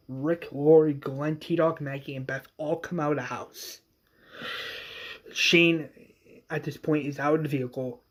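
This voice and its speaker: A man casually recapping an episode of a fan series, halting and repeating words as he goes. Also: a little high, breathy edge.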